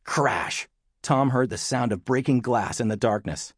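A man narrating an audiobook in an expressive storytelling manner. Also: mid-range voice, measured pace, breathy edge, dry recording, clean studio sound. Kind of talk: scripted narration.

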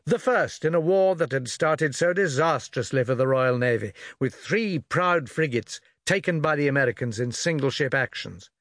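A man's voice: mid-range voice, expressive, normal speed, few pauses, fairly bright tone, dry recording. Man narrating an audiobook, dry and close. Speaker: audiobook reader.

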